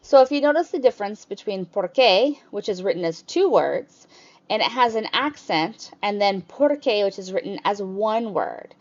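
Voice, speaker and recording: Language teacher, woman, mid-pitched voice, patient step-by-step explanations, slightly muffled lo-fi recording. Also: animated, normal speed. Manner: explanatory, lifts pitch on example questions. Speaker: Spanish teacher. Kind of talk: recorded grammar lesson.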